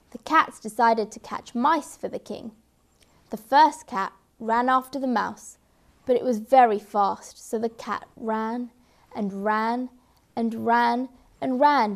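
Gentle woman reading a children's story. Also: a little high. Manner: gentle, expressive, with emphatic repeats.

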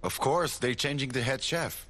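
A practical, blunt brother, voiced by an actor, speaking matter-of-factly. Slight reverb on the voice in this dubbed drama. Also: male voice, medium pitch, moderate pace, a bit bright, close to an everyday voice.

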